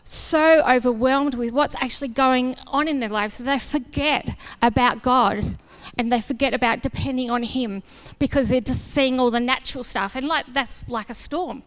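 A woman's voice: sits high, normal speed, hardly any pauses. A woman giving a sermon testimony, a casual, self-deprecating storyteller who acts out the dialogue. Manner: lively storyteller acting out dialogue. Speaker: church speaker.

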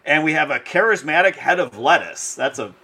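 A man's voice: on the high side, lively intonation, a little fast, pushed and bright, slightly rough. A man co-hosting a podcast in casual chat, running through topics with wry asides. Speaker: podcast co-host.

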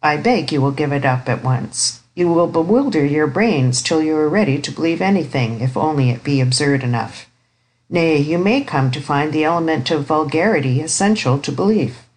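Woman doing an elderly uncle, low voice, precise, dry irony, audiobook. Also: lively intonation, moderate pace, a little mellow, rough recording. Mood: stern. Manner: grave, precise, ironic. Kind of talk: audiobook character reading.

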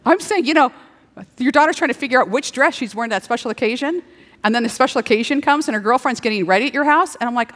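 A middle-aged woman preaching a sermon, playful and animated, slipping into little acted-out dialogues. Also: sits high, quick pace. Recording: long hall reverb.

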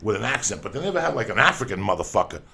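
A man hosting a casual, crude podcast chat, telling stories in a profane, animated way. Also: fairly low pitch, racing, gravelly.

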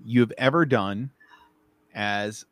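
A woman's voice: extremely low pitch, drawn-out words, dry recording. A woman hosting a casual interview, asking friendly questions with frequent restarts. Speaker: interview host.

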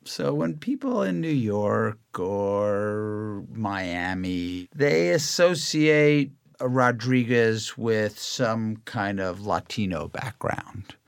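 A man's voice: fairly low pitch, animated, slow pace, gravelly, smooth. A man hosting a casual food interview, playful and joking as he asks questions. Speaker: podcast host.

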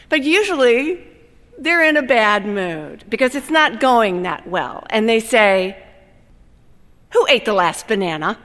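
A woman reading a personal essay aloud, telling it in a wry, deadpan second-person voice. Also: a little high. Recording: long hall reverb.

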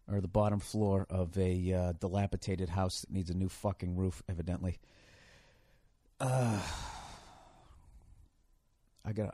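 A man's voice: lowish voice, darkish tone, dry recording. Profane, ranting male comedian. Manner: profane, sarcastic, rambling rants. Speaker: comedian host.

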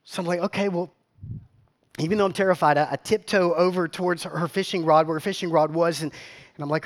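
A man, preaching a sermon built around a story. He talks in an animated way, repeating his words and throwing questions out to the congregation. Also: high voice, quick pace. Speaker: pastor.

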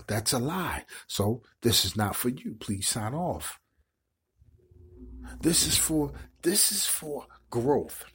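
A man's voice: mid-range voice, expressive, takes it slowly, slightly rough. A middle-aged man hosting an online show, giving impassioned commentary in a preachy way and repeating words as he builds his points. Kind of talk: impassioned live-stream commentary.

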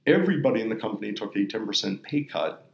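A man's voice: lowish voice, lively intonation, fast talker, gravelly, dull audio. Earnest man telling stories, roomy sound. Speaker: podcast host. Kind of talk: conversational storytelling.

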